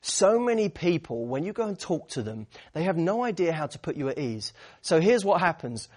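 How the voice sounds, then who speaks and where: A young man giving an energetic dating-advice lesson to camera, checking in often with "okay?". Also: on the high side, moderate pace. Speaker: dating coach. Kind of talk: instructional talk to camera.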